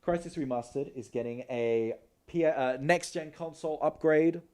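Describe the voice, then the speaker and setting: A young man hosting a gaming news livestream, talking quickly and casually, swearing and laughing often. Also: fairly high pitch, a little mellow, slight background noise. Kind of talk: casual live-stream chat.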